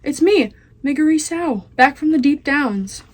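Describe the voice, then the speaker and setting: Teen girl doing a loud rustic serving girl. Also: a little high, expressive, moderate pace. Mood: loud, eager. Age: teens. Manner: shouting, rustic dialect. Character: loud, simple, half-deaf serving girl.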